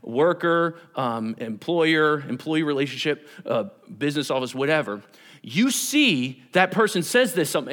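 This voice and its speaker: A man preaching a sermon to his congregation, animated and conversational, acting out Bible characters in everyday voices. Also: on the high side, normal speed. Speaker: pastor.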